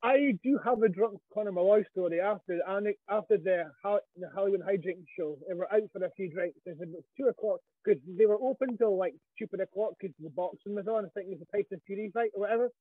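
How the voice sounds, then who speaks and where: A man with a Scottish accent telling stories as a guest in a casual interview, animated and swearing freely. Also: high voice, fast talker, hardly any pauses, slightly rough, no room sound. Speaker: wrestling guest. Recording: tinny phone-like line.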